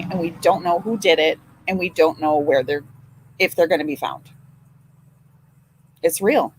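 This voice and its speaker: Slow-talking emotional woman livestreamer. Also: mid-range voice, slightly rough, rough recording. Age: older. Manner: emotional, chatty, swears and apologizes. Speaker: livestream host. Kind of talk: casual livestream chat.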